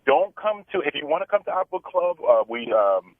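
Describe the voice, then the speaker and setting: A man guesting on a radio show, telling stories in an animated way with many restarts. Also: fairly high pitch, a little fast, dry recording. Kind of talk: casual radio interview. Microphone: phone line. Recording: phone-line call, dry.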